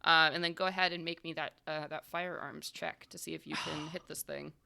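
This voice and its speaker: A woman's voice: deep voice, steady tone, a little fast, creaky, bright, forceful tone, smooth. A woman narrating and explaining rules as game master of a tabletop horror game, in a chatty, explanatory way with many fillers.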